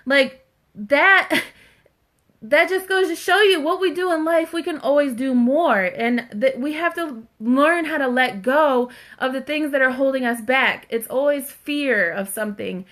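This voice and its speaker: A woman's voice: sits high, measured pace, fairly bright tone. A woman hosting a casual live stream from home, talking to viewers in a chatty, heartfelt way and reading their comments aloud. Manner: chatty, heartfelt, fills talk with "like" and "you guys".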